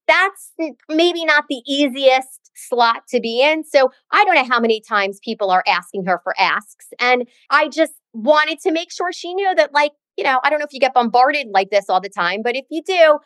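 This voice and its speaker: A woman's voice: a little high, fairly bright tone, no echo. A middle-aged woman co-hosting a podcast, telling a story in a dramatic, sassy, chatty way. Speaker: podcast co-host. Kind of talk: casual chat, storytelling.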